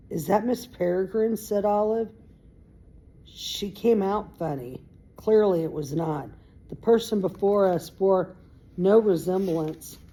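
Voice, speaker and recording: Amateur read-aloud, woman, low, mellow and very unhurried, trips over words and fixes them. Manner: unpolished read-aloud with stumbles and self-corrections. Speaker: reader. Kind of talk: reading a novel aloud.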